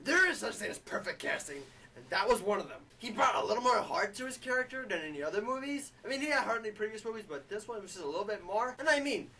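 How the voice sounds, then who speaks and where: A man giving a gushing, excitable comedic movie review in character. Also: sits high, fast talker, hardly any pauses, husky, far from the mic.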